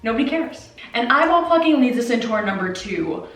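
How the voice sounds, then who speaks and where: A woman's voice: a little high, expressive, fairly quick, a bit bright, soft background music. A woman rants in casual commentary, exasperated and disbelieving, laughing as she talks. She sits a bit back from the mic, and the room around her rings with echo. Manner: exasperated, incredulous, laughs often. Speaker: anime commentator. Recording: roomy, distant from the mic.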